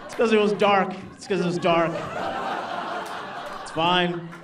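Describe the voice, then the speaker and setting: Brash high-voiced male comic, live crowd. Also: steady tone, unhurried, background noise. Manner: brash, crude, laughing at his own jokes. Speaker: stand-up comedian. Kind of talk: stand-up comedy set. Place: live comedy club. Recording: distant stage mic, loud crowd. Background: audience laughter.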